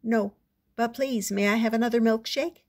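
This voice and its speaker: A woman's voice: fairly high pitch, fairly even intonation, normal speed, pitched above the performer's own voice. A woman voicing a cautious little girl in a storybook read-aloud, wary and then eager.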